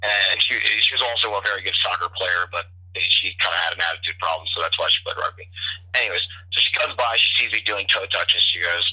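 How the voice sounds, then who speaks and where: Heard over a tinny telephone line, a young man who works as a bartender tells stories as a podcast guest, chatting casually and profanely and restarting often as he rambles. He speaks fast in a low, pushed, bright voice with slight roughness.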